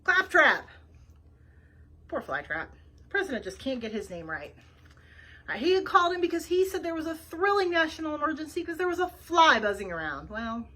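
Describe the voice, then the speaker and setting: A woman's voice: high voice, sharp tone, breathy edge. A woman librarian hosting a children's read-aloud, chatty and laughing easily as she rambles. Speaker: librarian host.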